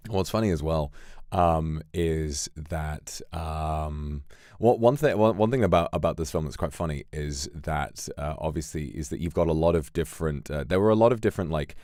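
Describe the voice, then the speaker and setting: Very deep-voiced man chatting on stream. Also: darkish tone, dry recording, clean studio sound. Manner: rambling and reflective, casual swearing. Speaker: streamer and filmmaker. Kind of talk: casual livestream commentary.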